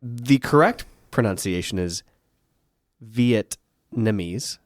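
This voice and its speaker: A man's voice: mid-range voice, animated, normal speed, no room sound, clean studio sound. A man hosting a podcast in a playful, jokey casual chat. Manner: playful, jokey, laughing often. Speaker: podcast host.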